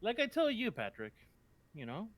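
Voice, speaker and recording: A man's voice: high voice, huge pitch swings, moderate pace. A man running a tabletop game as game master, chatting casually and joking with friends, swearing freely. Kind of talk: casual chat among friends.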